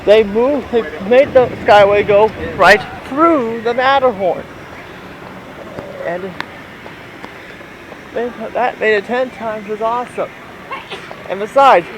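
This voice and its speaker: A young man with a high voice vlogs on a handheld camera as he walks outdoors. He rambles, restarts his sentences and sounds slightly out of breath. Loud park noise fills the background. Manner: rambling, restarts, catches breath while walking. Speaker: vlogger. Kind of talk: casual walking vlog.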